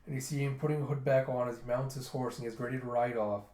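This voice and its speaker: A man's voice: mid-range voice, steady tone, fast, few pauses, darkish tone. A man casually recapping a manga volume, retelling the scenes in a loose, chatty way with fillers. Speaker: manga reader and reviewer. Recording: roomy echo.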